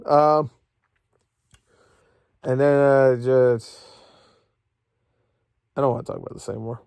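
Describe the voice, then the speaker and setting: A man's voice: mid-range voice, fairly even intonation, slow, creaky, pauses often, darkish tone, clean tone, no room sound. A young man ranting about a movie from bed, sarcastic, profane and rambling. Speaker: movie vlogger. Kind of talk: casual rant. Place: at home in bed.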